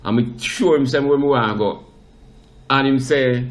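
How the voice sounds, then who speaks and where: A man with a Jamaican accent, a priest, recounting a story in conversation. He tells it in a lively way, often restarting his sentences and slipping into the voices of the people he quotes. His voice sits at a middle pitch. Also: moderate pace. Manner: animated anecdote, acts out quoted voices, frequent restarts. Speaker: priest and interview guest.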